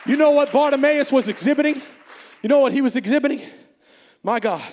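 Fervent, high-voiced shouting preacher. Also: male voice, animated, normal speed, in a large hall. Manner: fervent, shouting, call and response. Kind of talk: sermon.

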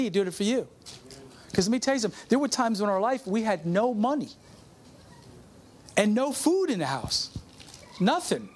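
A middle-aged pastor with a high-sitting voice shares a personal testimony during his sermon in a conversational way, calling out to the congregation. There's a little hiss or hum in the recording.

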